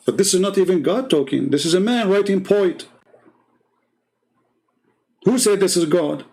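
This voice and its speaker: A man's voice: high-pitched, expressive, moderate pace, a little mellow, slightly rough. A man hosting a live debate stream, delivering a heated, scornful monologue full of mocking rhetorical questions.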